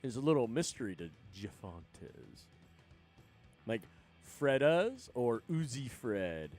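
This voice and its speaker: A man's voice: medium pitch, very animated, normal speed, darkish tone, soft background music. A man chatting casually on his livestream, rambling, swearing freely and laughing often between thoughts. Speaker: livestream host.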